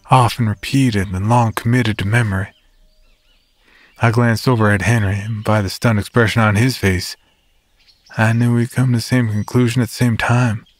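A man giving steady, measured scripted narration of a horror story. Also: mid-range voice.

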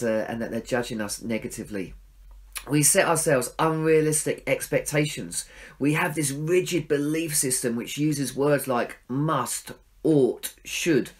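A middle-aged man giving a sermon in a conversational, self-deprecating way, acting out his own inner voices. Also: medium pitch. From England. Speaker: pastor.

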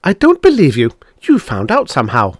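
A man's voice: mid-range voice, wildly swooping pitch, brisk, no echo, clean studio sound, voice pushed up. A man voicing an indignant thirty-eight-year-old spinster who snaps sharply, in a storybook reading. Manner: sharp, snapping.

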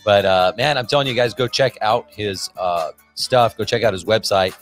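A man's voice: lowish voice, normal speed, fairly bright tone, faint music behind. A middle-aged man hosting a podcast, talking casually in an upbeat, salesy pep-talk manner, with lots of fillers. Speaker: podcast host. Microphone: podcast microphone.

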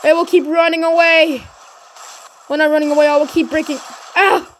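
A woman giving excited gameplay commentary, cheering and shouting encouragement at her teammate. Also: high voice, moderate pace, a little hiss or hum. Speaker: gaming channel host.

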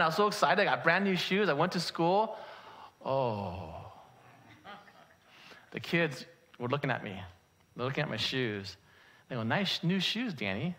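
A man's voice: on the high side, sharp tone. A middle-aged male pastor giving a sermon, telling a story with lots of fillers before building to emphatic preaching.

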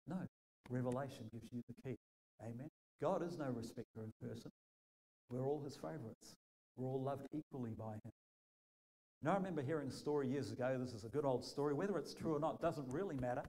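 A male pastor with a New Zealand accent preaching a sermon, telling stories and acting out quotes in a lively way. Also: medium pitch, fairly quick, rough recording.

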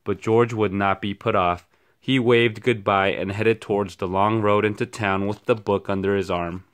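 A man reading a picture book aloud for children at a steady, expressive pace. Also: fairly low pitch, moderate pace, clean tone. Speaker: storyteller. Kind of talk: children's read-aloud storytime.

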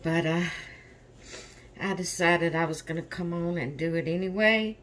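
A woman's voice: on the low side, normal speed, a bit bright, a little hiss or hum. A woman hosting a doll vlog in casual chat, tired and yawning, rambling openly about her stress. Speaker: reborn doll channel host.

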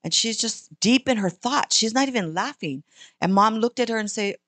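A woman telling a children's story in church, with a lively, animated manner. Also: fairly high pitch, normal speed, no room sound.

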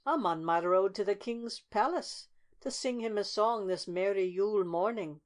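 A woman voicing a small, cheerful and wary male robin who talks in a chirpy, polite way and turns down offers quickly. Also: mid-range voice, voice pushed up, close to an everyday voice.

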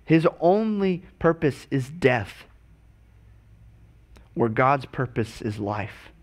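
A man's voice: mid-range voice, very animated, takes it slowly. Male pastor, sermon delivery, earnest, restarts and repeats words.

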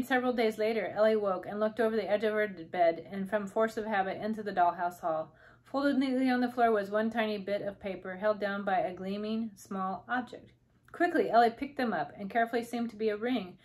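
Woman reader, calm and steady, children's book narration. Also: medium pitch, poor audio. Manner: calm, unhurried storytelling. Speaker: storybook reader. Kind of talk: reading a children's novel aloud.

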